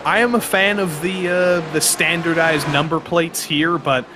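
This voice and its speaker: A man's voice: fairly high pitch, steady tone, unhurried. A man giving color commentary on a sim race, chatty and playful, drifting into tangents. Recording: background race car noise.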